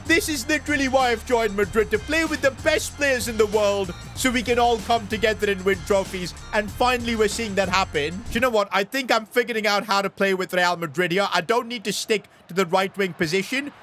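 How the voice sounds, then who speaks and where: A young man giving excited gameplay commentary, talking to his viewers as boys and shouting at big chances. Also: high voice, brisk, few pauses, soft background music. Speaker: gaming YouTuber.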